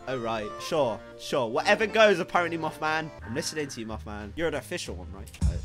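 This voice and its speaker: Excitable young man with a high, lively voice. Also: fast talker, few pauses. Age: young adult. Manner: excitable, jokey, swears, sudden shouts. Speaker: reaction video host. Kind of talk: casual reaction commentary. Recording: music playing underneath.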